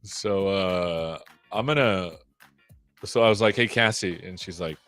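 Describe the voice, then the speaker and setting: A man's voice: low voice, measured pace, fairly bright tone, faint music behind. A man hosting a casual tech livestream, joking around and poking fun at himself. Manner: joking, self-deprecating. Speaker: tech show host.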